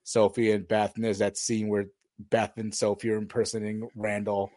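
A man's voice: on the low side, normal speed, dry recording, studio quality. A man co-hosting a podcast, casually recapping a TV episode and acting out the scenes as he retells them. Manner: animated retelling, acts out scenes. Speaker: podcast co-host.

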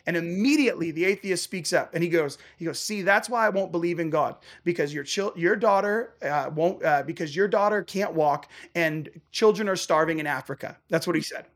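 A man, a traveling worship musician, telling a passionate faith story and acting out the back-and-forth of a conversation. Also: fairly high pitch. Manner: animated, acts out dialogue in quick bursts.

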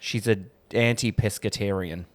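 A man's voice: fairly low pitch, steady tone, moderate pace. A man co-hosting a podcast, chatting casually with short replies and dry jokes. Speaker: podcast co-host. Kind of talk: casual chat.

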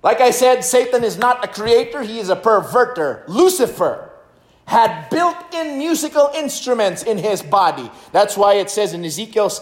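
A man's voice: high voice, reverberant. A man preaching a sermon on music, stressing his points and singing short hymn lines to show rhythm. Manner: emphatic, sings hymn lines to demonstrate rhythm.

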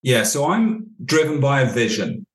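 A man speaks as a podcast guest, a leadership coach with a middle-pitched voice. He tells stories in a measured way, acting out the dialogue. The recording has a noticeable room echo. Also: big pitch swings. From United Kingdom. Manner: storytelling, acts out dialogue. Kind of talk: podcast interview answers. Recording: echoey room.

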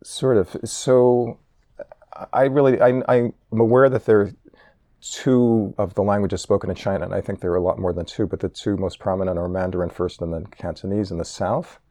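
A man's voice: fairly low pitch, steady tone, moderate pace, dark tone, no echo. A man hosting an interview, asking curious, friendly questions. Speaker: interview host.

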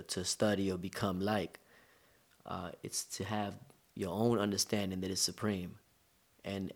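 A man from the United States, a guest in an interview, telling stories in a relaxed, slangy, conversational way. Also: sits low. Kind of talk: casual storytelling interview.

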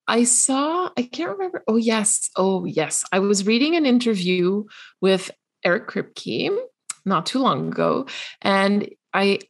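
A woman's voice: mid-range voice, expressive, a little slow, creaky. A woman co-hosting a casual podcast, chatty and hedging, with restarts and frequent laughs. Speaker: podcast co-host. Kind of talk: casual chat.

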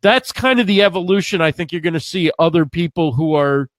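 A man's voice: fairly high pitch, animated, a little fast, dry recording, clean studio sound. Earnest man co-hosting a live stream. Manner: earnest, rambling, repeats words. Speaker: co-host. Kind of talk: casual live-stream chat.

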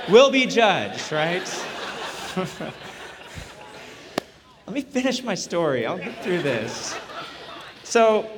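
A man's voice: sits high, fairly bright tone, slight background noise. A man in his thirties telling a funny, self-deprecating story during a sermon, often chuckling. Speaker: chaplain preaching at a church retreat. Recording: echoey hall sound.

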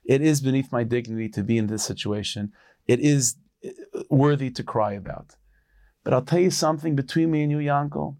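A gentle, humbled king from a folk tale, as a male storyteller voices him, confiding and sincere. His voice is mid-pitched and close, with a dry, roomless sound. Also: a little fast, no echo, close to an everyday voice.

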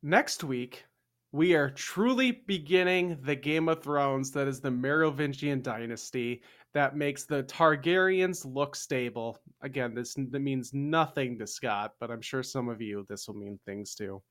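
A man's voice: medium pitch, measured pace, a bit bright. A man co-hosting a casual history podcast, chatty and jokey, often trailing off and restarting. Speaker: podcast co-host.

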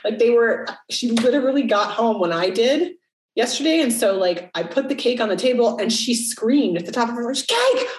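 A woman's voice: fairly high pitch, lively intonation, fairly quick. A middle-aged woman co-hosting a podcast, chatting candidly and swearing freely. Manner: candid, swears freely, acts out quoted voices. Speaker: podcast co-host. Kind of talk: casual podcast chat. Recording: roomy, slightly distant mic.

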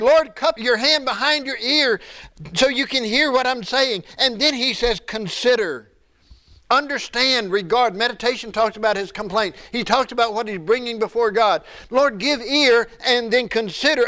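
A pastor delivers a sermon in a high-pitched, conversational voice. He moves between quiet asides and raised, pleading emphasis as he speaks to his church. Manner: conversational preaching, rises and drops in pitch for emphasis.

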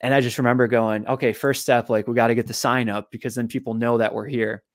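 A physical therapist and author, this man tells a long personal story in a podcast interview, animated and frequently repeating words. His voice sits at medium pitch and moves fast, recorded with studio quality and no room sound.

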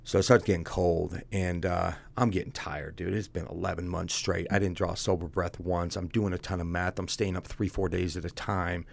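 Low gravelly guy telling his story on a podcast, blunt, says dude a lot. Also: little pitch movement, normal speed, few pauses, slight background noise. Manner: blunt, conversational, calls the host "dude". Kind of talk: casual candid storytelling.

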